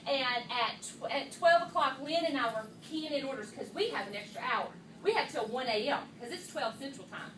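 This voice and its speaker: A woman giving a lively, chatty motivational talk to her team at a meeting, calling them y'all. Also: sits high, fairly quick, few pauses, reverberant, distant mic, a little hiss or hum, poor audio. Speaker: sales director speaking to her team. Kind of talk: motivational talk to a live audience. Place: meeting room with an audience.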